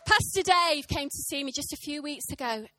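A woman in her thirties preaching a sermon, telling a funny story with animated, impassioned, punchy delivery to a church congregation. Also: high-pitched, normal speed, a faint crowd, slight background noise. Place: church service.

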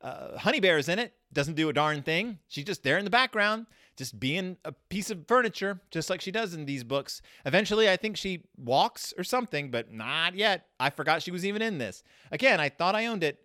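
He's a bit fast and hardly pauses as he reviews a children's book on his podcast, rambling and sarcastic. The recording is clean studio sound with no echo. His pitch and loudness jump around animatedly.

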